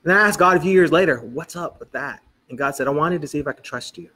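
A man's voice: a little high, rapid-fire, sharp tone. A middle-aged man preaching as a pastor, telling a personal story in church and acting out the dialogue as he goes. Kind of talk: storytelling sermon.

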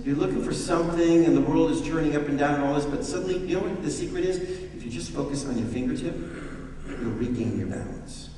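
A man preaching a sermon as pastor, animated, swinging from hushed to loud. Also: on the high side, a little hiss or hum. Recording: echoey church hall, distant mic.

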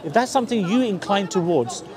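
Out on a busy city street, with crowd noise all around, a Cockney man from East London preaches earnestly, trying to persuade passers-by, repeating himself and frequently starting sentences over. He speaks in a high-pitched, animated, brisk voice.

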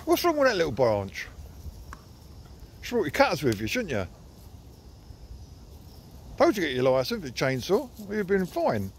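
A man's voice: a little high, wildly swooping pitch, moderate pace, pauses often, a little hiss or hum. Sing-song man chatting to his dogs. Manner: chatty, teasing, sing-song talk to pets. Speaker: dog owner filming a walk. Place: outdoors by water in the countryside. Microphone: phone held while walking.

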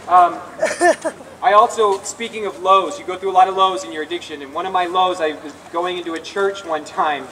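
A speaker at a recovery rally shares an earnest, confessional testimony in a public square, frequently starting his sentences over. His voice is high-pitched, pushed and bright, with slight background noise. He's captured from a distance outdoors, faint ambience beneath.

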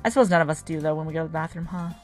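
Over faint game music, a female gaming channel host races through chatty, casual let's-play commentary, giggling frequently. Her voice sits low with a darkish tone.

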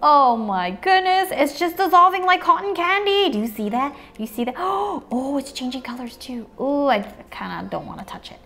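A woman's voice: high voice, very animated, normal speed, few pauses, a bit bright, soft background music. A woman hosting a toy unboxing video, bubbly and playful, chatting as she opens each item and sometimes slipping into silly voices for the toys.

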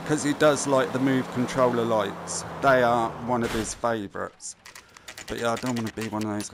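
Man, gameplay commentary, gravelly, chatty, swears, mid pitch, faint background noise. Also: fairly even intonation, normal speed. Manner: chatty, swears casually, often mutters to himself. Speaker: gaming commentator.

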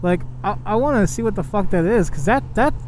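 A man vlogging from his motorcycle on a highway, talking to his viewers with excitable, profane commentary. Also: brisk. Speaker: motovlogger. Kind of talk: casual ranting commentary while riding. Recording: loud wind and traffic noise from riding.

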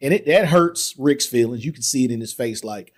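Man, podcast host, casual film talk, animated retelling, mid pitch. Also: fairly quick. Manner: excited retelling with acted quotes, laughs often.

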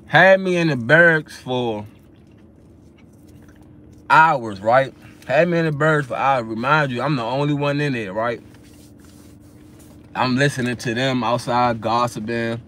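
A young man casually telling a story straight to his viewers, animated and full of slang, acting out his own replies as he goes. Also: mid-range voice, unhurried, long pauses, a little hiss or hum. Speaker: vlogger telling a personal story.

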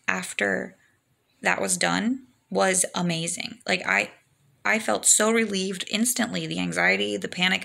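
A woman's voice: medium pitch, creaky, fairly bright tone. A woman in her thirties casually telling her birth story to camera, chatty and full of "like", laughing between lines and acting out what she and the doctors said.

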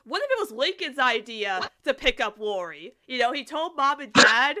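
Woman podcast host, high voice, animated and rambling, casual fan chat. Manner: animated, rambling, quick to laugh.

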